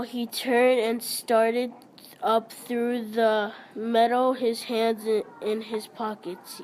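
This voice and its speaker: A woman reads a children's story aloud, slow and measured. Her voice sits fairly high. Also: level tone, darkish tone, slight background noise, rough recording. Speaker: reader.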